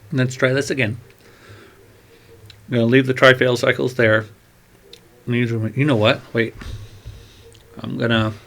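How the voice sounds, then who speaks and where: A man's voice: mid-range voice, vocal fry, fairly bright tone. A man thinking aloud as he writes, meandering and trailing off, talking into a glove-covered mic with keyboard typing behind. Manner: meandering, muttering to himself, trailing off. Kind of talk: rambling think-aloud monologue.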